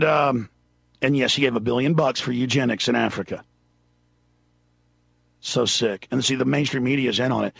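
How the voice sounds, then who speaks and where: A man's voice: mid-range voice, normal speed, vocal fry, long pauses, fairly bright tone, slightly rough, no echo, highs cut off. A man hosting a call-in radio talk show, rambling and losing his train of thought as he goes.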